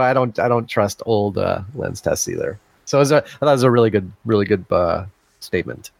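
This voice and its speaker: A man's voice: medium pitch, no room sound. A man co-hosting a casual podcast, chatting and laughing as he reads listener comments aloud. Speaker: podcast co-host.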